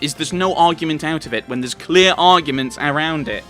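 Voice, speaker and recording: A man's voice: fairly high pitch, a little fast, few pauses, a bit bright. A man playing through a courtroom game, reading the characters' lines aloud in his own voice and ranting about the plot. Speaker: let's player. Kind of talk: commentary while reading game dialogue aloud. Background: game music.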